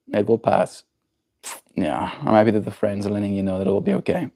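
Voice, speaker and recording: Young South African male streamer, low gravelly voice, loose joking chat with viewers. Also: fairly even intonation, a little fast, mellow, no room sound. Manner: joking, reads chat aloud and answers it. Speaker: livestreamer. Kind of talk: casual live-stream chat.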